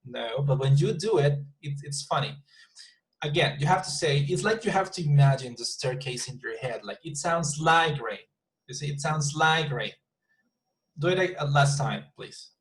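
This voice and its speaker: A man teaching an online English class, patiently repeating words and slowly modelling sample sentences. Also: mid-range voice, lively intonation, poor audio.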